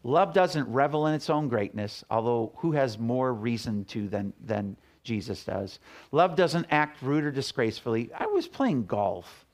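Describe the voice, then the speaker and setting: Man, middle-aged, pastor, relaxed sermon, chatty storytelling, mid-pitched voice. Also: unhurried. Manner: conversational, storytelling with acted quotes.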